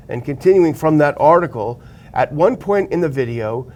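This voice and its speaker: A man with a fairly high voice co-hosts a political talk show. He reads news articles aloud and cuts in with blunt remarks of his own. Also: lively intonation, normal speed, darkish tone. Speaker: show co-host.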